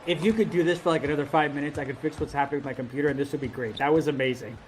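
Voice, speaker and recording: Man, esports co-commentator, playful banter, somewhat high-pitched voice. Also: fairly even intonation, rapid-fire, a little hiss or hum. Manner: playful, laughing banter between play calls. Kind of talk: joking color commentary.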